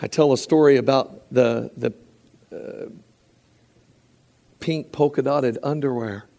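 Animated male preacher telling stories. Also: medium pitch, takes it slowly, creaky. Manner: animated storytelling with acted quotes and frequent restarts. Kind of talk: sermon.

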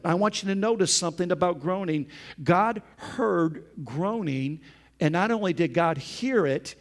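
A man's voice: high voice, measured pace. A man preaching a sermon to a congregation, reading scripture aloud and putting questions to the listeners. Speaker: pastor.

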